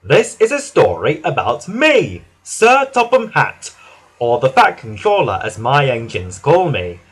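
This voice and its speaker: A man voicing a stern but kind railway boss in a children's storybook reading, firm and commanding with loud exclamations. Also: medium pitch, wildly swooping pitch, measured pace, slightly rough, exaggerated voice. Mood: proud.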